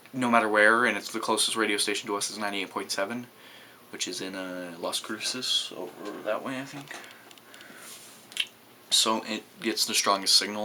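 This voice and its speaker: A teenage vlogger from New Mexico, his lowish voice pushed and bright with slight background noise, shows off a gadget. He rambles crudely, hesitates with many fillers, and swears and uses loose slang without restraint.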